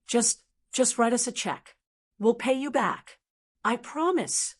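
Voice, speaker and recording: Woman reading as a shouty bullying adult son, blustering, kinda high and loud. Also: slow, husky. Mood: pleading. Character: furious grown son, shouting and demanding.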